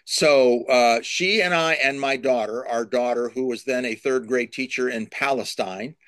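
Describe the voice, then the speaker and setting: A man's voice: medium pitch, measured pace, fairly bright tone, no room sound. A middle-aged man, a Christian author and speaker, answering interview questions in an emphatic, preaching style, repeating key phrases and building lists.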